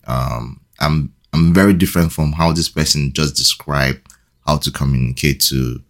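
Deep-voiced Nigerian man podcast co-host. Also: normal speed. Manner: playful joker, hesitant when reflecting. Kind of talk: casual faith podcast chat.

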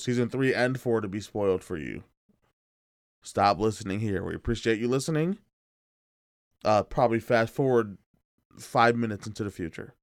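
A man co-hosting a podcast, bantering in a joking, animated way and swearing casually. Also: lowish voice, no echo, studio quality. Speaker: podcast co-host.

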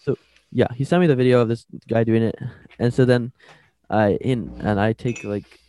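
A young man co-hosting a podcast, relaxed in casual chat and dropping wry asides. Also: mid-range voice, normal speed, slight background noise. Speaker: podcast co-host.

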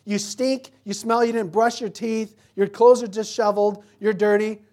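A man's voice: high voice, fairly even intonation, normal speed, a little mellow. A man preaching a sermon in a conversational, joking way, asking the congregation questions. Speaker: pastor.

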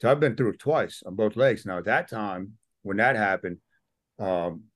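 A man's voice: lowish voice, moderate pace, no echo, clean studio sound. A middle-aged man, a podcast guest, telling a personal story in a casual interview and acting out what people said. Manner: animated storyteller, acts out quotes.

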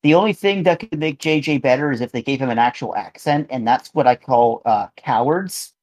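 Brief: male podcast co-host, earnest, rambling, mid-pitched, casual chat. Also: a little fast, darkish tone. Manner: rambling, earnest, frequent restarts.

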